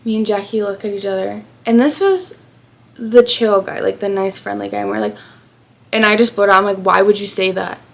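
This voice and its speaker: Chatty young woman with gravelly fry. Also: mid-range voice, brisk. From United States. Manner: chatty, acts out quoted people. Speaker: vlogger. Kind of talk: storytime travel vlog.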